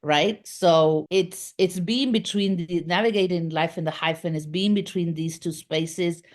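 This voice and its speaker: Lower-voiced Argentine woman telling her story. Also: a little slow. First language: Spanish. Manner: rambling, many fillers and restarts. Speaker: guest, communications business founder. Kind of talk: casual interview storytelling.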